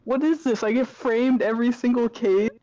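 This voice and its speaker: A woman's voice: on the high side, moderate pace, mellow, highs cut off, voice pushed up, natural voice. A woman voicing a dazed, panicky young man who wakes up handcuffed, reading with bewildered pleading.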